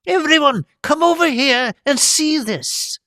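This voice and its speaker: A man voicing an excitable old male wand professor who cries out in high, squeaky exclamations. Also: unhurried, heavily acted. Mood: gleeful.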